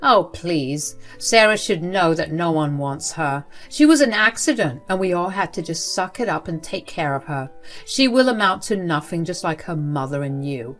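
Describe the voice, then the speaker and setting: A woman's voice: fairly low pitch, lively intonation, normal speed, faint music behind, close to an everyday voice. A woman voicing a cold, spiteful older woman who runs a school, speaking in a cruel, dismissive way. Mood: contemptuous.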